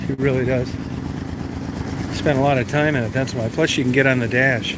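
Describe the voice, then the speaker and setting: A man's voice: medium pitch, steady tone, normal speed, pauses often. Plain-spoken man outside, noisy engine backdrop. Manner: plain-spoken, folksy, mild cursing. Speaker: vlogger. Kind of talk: casual chat. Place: outdoors beside an old van. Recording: noisy outdoor recording with engine sounds. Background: vehicle and engine noise.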